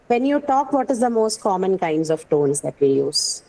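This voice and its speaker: A woman lecturer teaching a class, often checking in with the students and pausing with fillers. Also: mid-range voice, sing-song, mellow, low-quality recording. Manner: checks in with frequent "right?" and fillers. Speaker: university lecturer.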